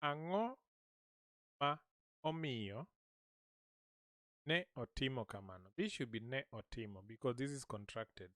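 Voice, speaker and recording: A man teaching a language lesson, saying short phrases slowly and repeating them so listeners can echo him. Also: mid-range voice, lively intonation, a bit bright, studio quality.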